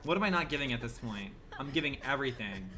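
A man streaming a game live, commenting in a campy, profane way and swinging from low murmurs to shrill outbursts. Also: expressive, quick pace, background noise.

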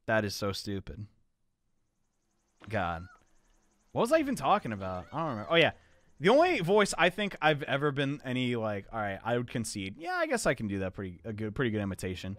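A young man streaming a platform game live, chatting with viewers and yelling at his mistakes. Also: mid-range voice, no room sound. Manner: animated, chatty, answers chat, swings to yelling at the game. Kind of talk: live gameplay commentary.

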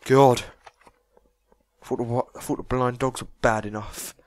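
A man's voice: medium pitch, fairly even intonation, normal speed, darkish tone, a little hiss or hum. A young man giving casual, sweary let's-play commentary, chatting and joking as he reacts to the game. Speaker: gaming video host.

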